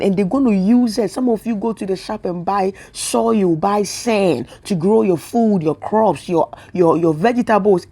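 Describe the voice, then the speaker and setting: A woman's voice: a little high, mellow. A woman vlogger giving an emotional spiritual monologue, talking in a repetitive, preacher-like way and close to tears. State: tearful.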